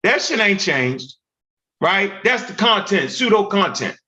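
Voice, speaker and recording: A man with a Baltimore accent hosting an online talk show, animated and profane, talking in bursts with tag questions. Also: high voice, unhurried. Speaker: podcast host. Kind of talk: casual heated chat.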